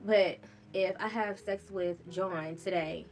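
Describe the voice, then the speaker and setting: A woman's voice: on the low side, steady tone, slow pace, a little mellow, soft background music. A woman vlogger telling a personal story in a candid, casual way, swearing freely.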